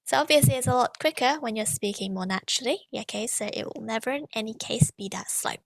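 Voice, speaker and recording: A woman's voice: a little high, fast, gravelly, no echo. A woman teaching a pronunciation lesson, patiently demonstrating tones with sung syllables and checking in with frequent "okay"s. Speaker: language teacher.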